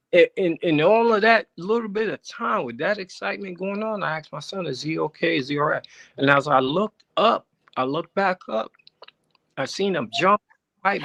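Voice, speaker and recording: Animated gravelly-voiced man telling a story. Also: high voice, measured pace, rough recording. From United States. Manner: animated, rising sharply when quoting himself. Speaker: caller. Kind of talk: storytelling on a call-in show. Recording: connection breaking up.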